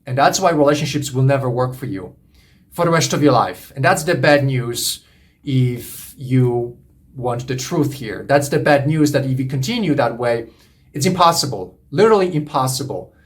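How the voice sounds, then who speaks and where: A man's voice: medium pitch, expressive, normal speed. A man coaching on relationships, lecturing in an earnest, repetitive, emphatic way. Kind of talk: monologue lecture to camera.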